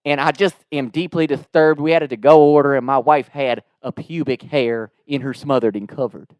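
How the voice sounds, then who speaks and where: A man voicing an offended Southern husband with a slow, drawling twang, complaining formally in a pompous, straight-faced way. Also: medium pitch, fairly even intonation, darkish tone, no room sound, close to an everyday voice. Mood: indignant. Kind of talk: prank-call impression within a comedic story.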